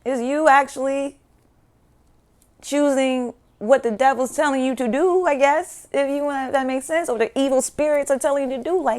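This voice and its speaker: A woman's voice: high voice, normal speed, darkish tone. A woman giving a casual spiritual teaching talk, loose and conversational, with frequent swearing and asides. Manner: loose and conversational, with frequent swearing and "you know what I'm saying"; breaks into laughter and sing-song asides.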